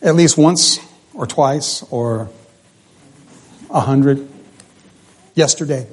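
Speaking extremely slowly in a mid-range, breathy voice, a man preaches an animated sermon. He asks his congregation rhetorical questions, his voice climbing and dropping.

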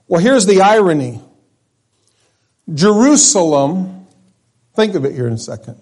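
A man's voice: high-pitched, measured pace, long pauses, a little mellow. A man preaching a sermon in a church, leading a prayer and then teaching in a conversational way, restarting phrases and putting questions to the congregation. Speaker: pastor. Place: church sanctuary.

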